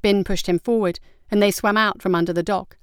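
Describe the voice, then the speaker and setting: A woman narrating an adventure story in a steady, even storytelling manner. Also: mid-range voice, a little fast, clean tone, no room sound, studio quality. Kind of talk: audiobook narration.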